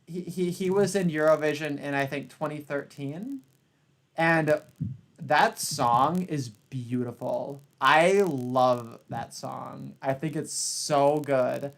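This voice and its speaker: A man hosting a podcast, chatting casually, with a profane and animated ranting manner. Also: on the high side, slow, gravelly. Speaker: podcast host. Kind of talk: casual chat.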